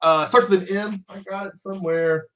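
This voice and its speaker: A man's voice: sits high, fairly even intonation, moderate pace, fairly bright tone. Rambling self-deprecating man chatting. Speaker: co-host of a board game live stream. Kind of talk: casual group chat.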